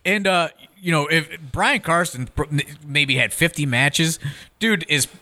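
A man who is a wrestling promoter, telling stories in casual podcast chat, animated and full of swearing. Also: on the high side, measured pace. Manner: profane, animated storyteller.

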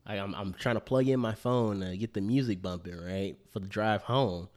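A man co-hosting a podcast, telling stories in slangy, animated casual chat. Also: lowish voice, moderate pace. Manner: slangy, animated storyteller, repeats "bro". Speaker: podcast co-host.

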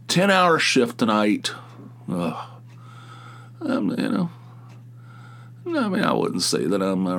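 A man hosts his own podcast alone, chatting casually. His voice sits fairly low, and he rambles, often restarting sentences and wandering into asides. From West Virginia. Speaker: podcast host. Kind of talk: casual solo podcast monologue.

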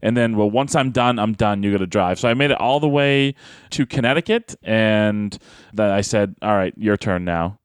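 A man's voice: lowish voice, moderate pace, clean tone, dry recording. Guy telling wild road trip stories, laughs a ton, does little voices, dry mic. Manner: animated storyteller, laughs often, acts out voices. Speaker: pro wrestler, podcast guest. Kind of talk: casual podcast chat.

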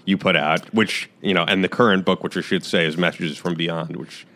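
A man's voice: sits low, fairly even intonation, a little fast, sharp tone. A man hosting an interview, chatting with his guests and laughing easily. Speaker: podcast host. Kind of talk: interview chat.

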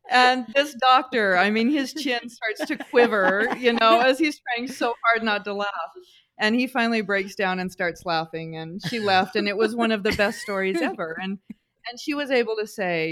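A middle-aged woman, a guest on a talk show, telling personal anecdotes in an expressive, animated way. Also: fairly high pitch, normal speed. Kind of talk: conversational storytelling.

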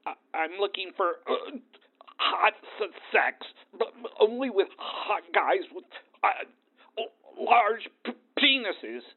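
A man reading out a phone-line host's greeting in a flat, announcer-like way. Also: high voice, takes it slowly, slightly rough.

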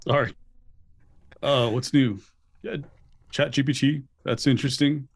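A man chatting as a guest on a group call, talking quickly and a little caught off guard. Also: medium pitch, fairly even intonation, creaky, husky, dry recording. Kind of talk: casual chat.

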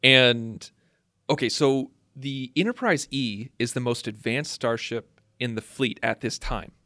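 A man's voice: mid-range voice, a little slow, sharp tone, no echo, studio quality. A man co-hosting a podcast, brainstorming in casual chat and restarting his sentences as he thinks aloud. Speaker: podcast co-host.

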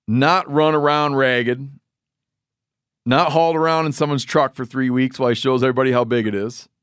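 A man hosts a casual podcast conversation and jokes around with his guests in quick bursts of talk. His voice sits at a middle pitch. It is recorded close to the mic in a dry studio sound. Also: fairly even intonation, fairly bright tone, smooth, no room sound. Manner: jokey, talks fast in bursts. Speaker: podcast host. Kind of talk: casual chat.

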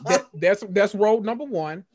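A man co-hosting a podcast, chatting casually in a slangy, animated way and laughing easily. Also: sits high, measured pace, over a noisy crowd. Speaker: podcast co-host. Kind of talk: casual chat.

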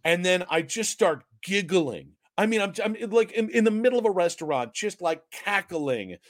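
A fairly high-voiced man co-hosts a sports podcast, chatting casually in a rambling, self-mocking way that often tips into giggling. The sound is dry and close, with almost no room around him. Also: animated, moderate pace, no echo. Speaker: podcast co-host.

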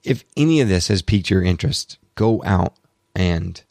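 Man, solo tech podcast host, rambling excited commentary, allergy-stuffed, gravelly low voice, dry close sound. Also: moderate pace, no room sound. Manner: excitable, apologetic rambling with self-corrections. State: allergies, throat clearing.

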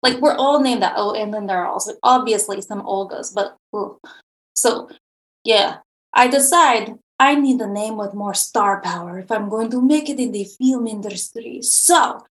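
A woman voicing a boastful Russian would-be film star and self-styled femme fatale, with a put-on Russian accent, broken grammar and a deadpan manner. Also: medium pitch, moderate pace, natural voice, rough recording. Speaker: podcast guest. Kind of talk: improvised comedy character.

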